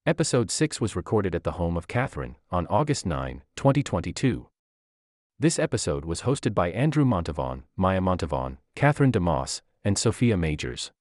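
A man reading the closing credits of a podcast in a measured, formal announcer manner. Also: low-pitched, very animated, a little mellow, no echo, studio quality. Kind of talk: scripted credits read.

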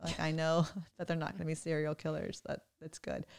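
A woman in her thirties, a mother chatting casually on a podcast, animated and often laughing. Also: deep voice, fairly quick, vocal fry, clear, resonant tone. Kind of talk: casual chat.

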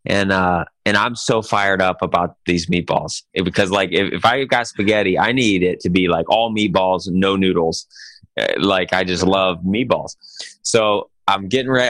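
On a podcast, a male co-host with a lowish voice spins a joking story in a loose, animated way, dropping "dude" every few lines. The casual chat sounds close and dry on the mic, with no room sound at all.

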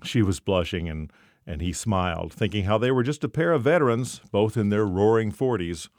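A man narrating a short story in a measured storytelling manner. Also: on the low side, lively intonation, a little mellow, dry recording, studio quality.

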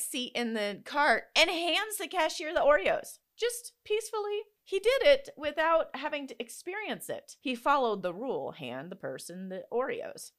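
A woman in her thirties hosting a podcast, talking casually and animatedly about her kids and acting out loud quotes. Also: high-pitched. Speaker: podcast host. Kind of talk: casual teaching talk.

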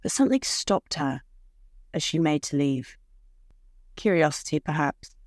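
A woman telling a short story in scripted, measured narration. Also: deep voice, lively intonation, no echo, clean studio sound.

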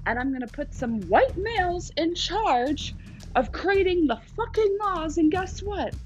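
A woman's voice: high voice, highs cut off, pitched above the performer's own voice. A woman voicing a smug, mocking God who gleefully hands out punishments, swearing as he goes.

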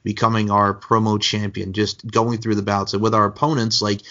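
A man's voice: fairly low pitch, moderate pace, dull audio. A man from Long Island, chatting energetically as a podcast guest. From Long Island, New York. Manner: energetic, talkative, with bursts of promo bravado. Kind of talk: casual interview chat.

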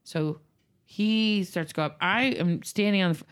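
Lively low-voiced woman telling a story. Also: moderate pace, smooth. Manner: animated, dramatic retelling with many fillers. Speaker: podcast co-host telling a story. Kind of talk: casual storytelling chat.

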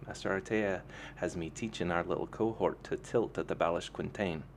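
An easygoing, confident young man with a matter-of-fact way of talking , as a male audiobook reader voices him. The tone sits very low and gravelly, with a faint hiss behind the reading. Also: fairly even intonation, normal speed. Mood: casual.

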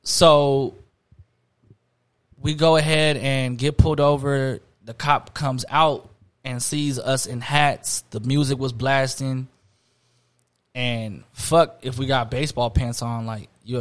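A young man, talking in a relaxed way with lots of slang and fillers. His voice sits at a middle pitch, and he tells his story loosely and casually. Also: measured pace. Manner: laid-back, heavy slang, many fillers. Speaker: podcast host.

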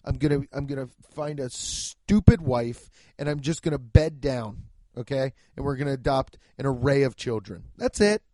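A man's voice: medium pitch, lively intonation, normal speed, warm tone, no echo. A man in his thirties hosting a podcast, with a profane, mocking comedic rant. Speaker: podcast host.

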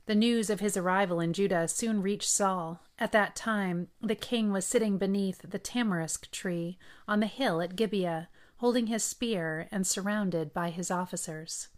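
Woman host, daily scripture reading, measured, mid pitch, brief asides.

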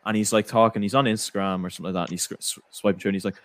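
Young man, low-pitched, jokey group chatter, dry sound. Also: rapid-fire, no echo. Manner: animated, jokey, laughs a lot. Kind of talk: casual group chat.

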